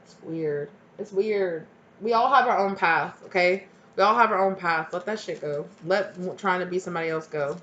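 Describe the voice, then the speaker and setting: A woman's voice: lowish voice, normal speed, fairly bright tone, muffled recording. A woman giving a casual tarot reading to her viewers, chatty and blunt, swearing freely and rambling as she goes. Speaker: tarot reader.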